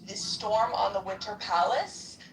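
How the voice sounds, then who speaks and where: A woman in casual group chat, talking in a blunt, crude and animated way. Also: medium pitch, measured pace. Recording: roomy, distant mic.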